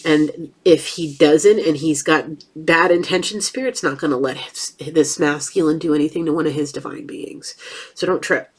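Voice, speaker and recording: A woman's voice: sits low, moderate pace, husky. A woman giving a casual tarot reading, chatty and blunt, with a stuffed-up nose. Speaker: tarot reader.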